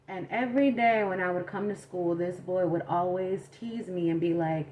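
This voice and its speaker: A young adult woman vlogger telling a story in casual chat, animated, acting out quotes and saying "like" a lot. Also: lowish voice, measured pace, few pauses, a little hiss or hum. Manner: animated, acts out quotes, says "like" often.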